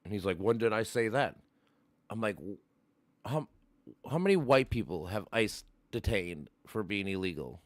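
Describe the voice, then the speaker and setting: A man with a fairly low voice talks in a casual livestream chat, swearing freely as he retells an argument with a friend. He acts out both sides in lively quotes. The sound is close and dry, with no room echo. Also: normal speed. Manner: profane, animated, acts out both sides of a debate. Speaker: livestream host.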